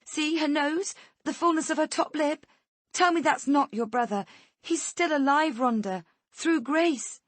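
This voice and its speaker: A woman's voice: moderate pace, slightly rough, dry recording. Woman voicing a frantic, pleading mother. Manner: frantic, high-pitched pleading. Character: desperate mother pleading for her daughter.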